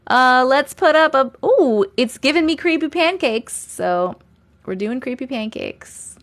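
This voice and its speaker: A woman's voice: sits high, expressive, unhurried. A woman from Long Island hosting a casual live stream from home, chatting with viewers, thanking them by name and laughing often. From Long Island, USA. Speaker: live-stream host reading chat.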